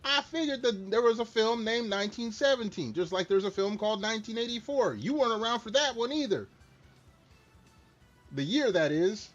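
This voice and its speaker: Animated and high-voiced, this middle-aged streamer talks at a normal speed as he plays a game, rambling candidly and poking fun at himself. Faint music sits under a slightly dull, lo-fi mic.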